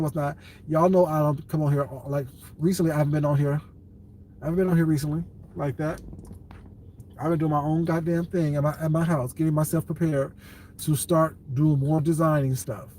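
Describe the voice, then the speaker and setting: A man with a fairly high voice and fairly even intonation hosts a casual livestream, speaking briskly with a slightly mellow tone over slight background noise. He laughs a lot and talks back to chat, bluntly brushing off viewers' comments and calling them baby.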